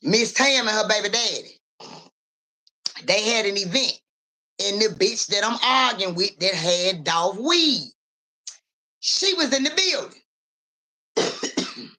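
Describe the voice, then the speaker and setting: A young woman live-streams as a psychic reader, addressing viewers straight on as she tells a story in animated, crude everyday speech. She speaks at medium pitch with a measured pace and long pauses.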